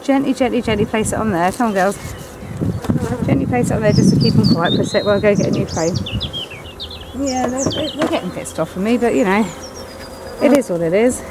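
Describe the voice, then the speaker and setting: A woman working a hive outdoors, her everyday mid-pitched voice cutting through loud wind and buzzing bees. She talks her way through the job bluntly and casually, swears a little, and coaxes the insects along as she goes. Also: lively intonation, fairly quick, pauses often. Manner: chatty, blunt, mildly swearing, coaxing the bees. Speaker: beekeeper. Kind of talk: casual hands-on commentary while working. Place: outdoors at beehives on a windy day.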